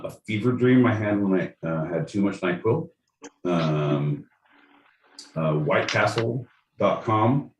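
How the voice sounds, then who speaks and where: Deep-voiced joking man in an echoey room. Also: far from the mic. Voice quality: loud, joking, swings into goofy shouted bits. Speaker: podcast co-host. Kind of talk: crude comedic banter. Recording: echoey room with faint noise.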